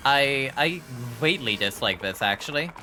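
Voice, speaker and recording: A man's voice: medium pitch, animated, measured pace, sharp tone, a little hiss or hum. A man streaming a horror game live, joking with chat and reacting aloud as he plays. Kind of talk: live gameplay commentary.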